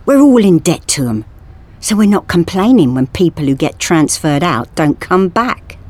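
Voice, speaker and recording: A woman voicing an anxious, earnest young man who speaks in a hushed, intense way, in a storybook reading. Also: lowish voice, animated, normal speed.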